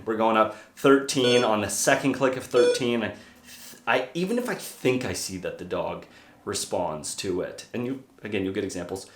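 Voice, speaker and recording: A man's voice: mid-range voice, a bit bright, a little hiss or hum. Man explaining dog training in a roomy space. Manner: brisk, hands-on explaining with demonstrations. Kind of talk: casual instructional talk. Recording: roomy echo.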